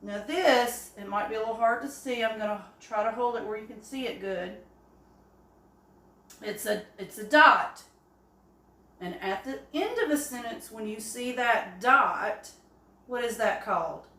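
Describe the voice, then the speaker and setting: Slow, encouraging teacher woman. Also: fairly high pitch, bright, forceful tone. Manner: slow, encouraging, with drawn-out examples. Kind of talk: early-grade phonics lesson. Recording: echoey room.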